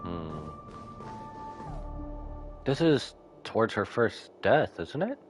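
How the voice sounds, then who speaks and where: A woman streamer making quick, reactive asides while playing a game live. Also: extremely low pitch, very animated, faint music behind. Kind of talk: live gameplay commentary.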